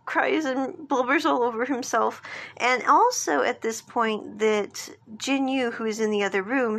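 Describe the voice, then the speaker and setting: A woman's voice: high voice, vocal fry, a bit bright. A woman casually recapping a drama, chatty and rambling, often stepping back to give her own opinion. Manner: chatty, rambling, self-referring in third person. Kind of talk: casual chat.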